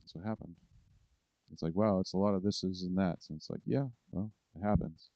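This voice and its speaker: A man's voice: low-pitched, fairly even intonation, a little fast, warm tone, dry recording. A man in a rambling, profane political monologue, ranting to his viewers. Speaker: vlogger. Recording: dull lo-fi recording, dry.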